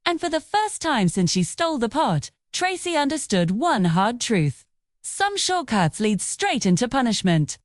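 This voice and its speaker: A woman's voice: a little high, very animated, a little slow, dry recording, clean studio sound. A woman narrating a folktale in a dramatic, vivid way. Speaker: storyteller.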